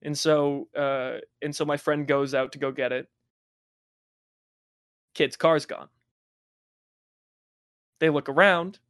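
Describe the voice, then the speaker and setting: A man's voice: a little high, no echo, studio quality. Young man telling a wild story. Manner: profane, laughing, animated anecdote telling. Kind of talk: casual storytelling chat.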